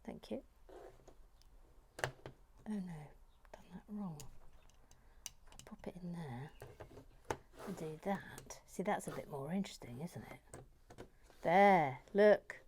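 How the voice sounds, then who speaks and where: A woman hosting a brick-building vlog. She chats in a self-mocking way, reads out viewer messages and mutters softly as she builds. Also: lowish voice, expressive, slow, pauses often, noisy background. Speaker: host of a brick-building channel. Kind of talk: casual building vlog chat.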